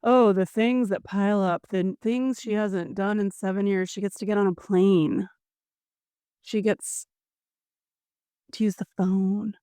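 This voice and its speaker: A woman's voice: medium pitch, fairly even intonation, a little slow, long pauses, dark tone, smooth, dry recording, clean studio sound. A woman co-hosting a podcast, chatting and recapping a story with sympathy. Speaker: podcast co-host. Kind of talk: casual chat.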